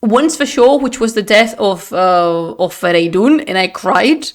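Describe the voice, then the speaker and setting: Streamer, woman, mid-pitched, expressive and chatty, laughs a lot. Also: unhurried. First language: Spanish. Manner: chatty and expressive, laughs often, slips into Spanish phrases. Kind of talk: casual live-stream chat. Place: at home, streaming on camera. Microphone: desk microphone.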